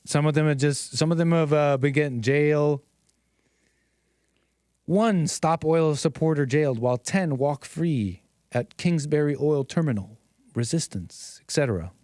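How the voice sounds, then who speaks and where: A man on a live stream mocks and picks apart what he has just watched, in a rambling, incredulous way. His voice sits a little high for a man. It is recorded close and dry, with no room sound. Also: darkish tone, no echo. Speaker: commentary streamer. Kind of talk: sarcastic live-stream commentary.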